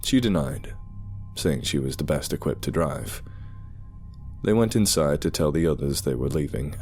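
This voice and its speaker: A man narrating a horror story with expressive storytelling. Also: very deep voice, normal speed. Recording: dark music underneath.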